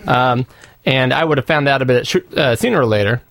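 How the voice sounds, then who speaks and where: A man's voice: medium pitch, brisk, gravelly, fairly bright tone, no echo. A man co-hosting a casual podcast, jokey and upbeat, reading listener feedback. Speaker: podcast co-host. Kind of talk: casual chat.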